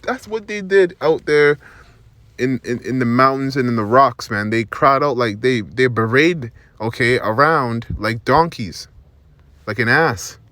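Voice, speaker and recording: Guy preaching and reading verses slow, keeps saying okay and man, stumbles on words, mid pitch, dry close sound. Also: sharp tone, no room sound. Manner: reads verses slowly, adds "man" and "okay?" after most phrases; stumbles and restarts words often. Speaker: scripture teacher.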